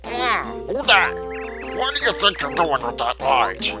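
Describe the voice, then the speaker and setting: A man's voice: fairly high pitch, very animated, slow pace, loud music behind the voice. A man voicing a cocky male centipede monster that taunts in a corny way. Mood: suspicious.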